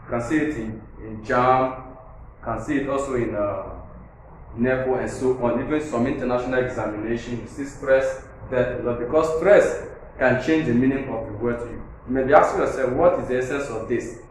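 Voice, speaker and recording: A man's voice: mid-range voice, a little fast. Man, Nigerian English accent, teacher, repetitive explaining, very echoey room. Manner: repetitive, checks understanding, counts syllables aloud. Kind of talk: classroom grammar lesson. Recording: echoey room with faint noise.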